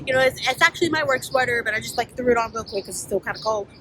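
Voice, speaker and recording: A young woman with a fairly high voice tells her own story frankly and with plenty of swearing. She jumps into the voices of the people she quotes, with a thin hiss of noise underneath. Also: rapid-fire, rough recording. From New York. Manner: blunt, profane, animated, acts out quoted voices. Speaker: spiritual life coach. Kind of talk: candid personal storytelling.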